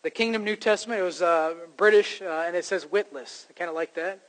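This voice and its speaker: A man's voice: high-pitched, brisk, a bit bright, rough recording. A man preaching a sermon to his congregation, in a conversational style that rises to emphatic points. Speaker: pastor.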